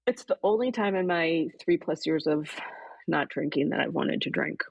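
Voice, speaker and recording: A woman's voice: low-pitched, normal speed, gravelly, slightly rough, dry recording, lo-fi sound. A woman, a podcast guest, earnestly retelling an emotional personal story and voicing her own past thoughts. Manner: earnest, animated retelling with quoted inner thoughts.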